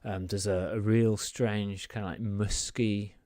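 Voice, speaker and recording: A man's voice: lowish voice, flat delivery, a little slow, darkish tone, no room sound, studio quality. A man narrating a tabletop game as game master, rambling with lots of fillers as he describes scenes.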